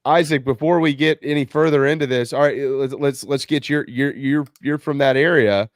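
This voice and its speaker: A man's voice: medium pitch, steady tone, normal speed, no echo. Man, podcast host, playful, teasing, dry close recording. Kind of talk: casual sports podcast chat.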